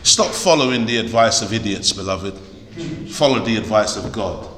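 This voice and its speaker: A man's voice: fairly low pitch, animated, moderate pace, fairly bright tone, slight background noise. A man preaching a sermon to a congregation, emphatic and exhorting, repeating key words for stress. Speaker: preacher, lecturer. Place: large echoey hall. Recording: echoey hall with long reverb.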